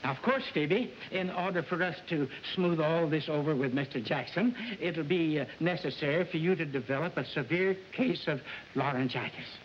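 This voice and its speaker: A man's voice: fairly high pitch, moderate pace, close to an everyday voice. Man playing a flustered blustering record boss. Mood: fawning. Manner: blustering, then fawning. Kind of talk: 1940s film acting. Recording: dull old film soundtrack with hiss.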